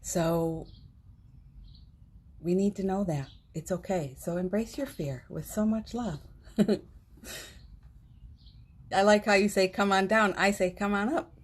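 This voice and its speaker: A woman's voice: mid-range voice, slow, long pauses, darkish tone, husky. A woman hosting a home livestream, talking in a heartfelt, rambling way with many fillers and restarts. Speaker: livestream host. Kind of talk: casual inspirational livestream talk. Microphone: phone on a live stream.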